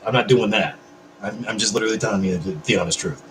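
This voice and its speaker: A man's voice: lowish voice, fast, a bit bright, echoey room, slight background noise, rough recording. A man chatting on a live stream, drinking beer while he answers comments, effusive, rambling and swearing constantly. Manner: effusive, rambling and heavily profane. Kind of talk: casual live-stream chat.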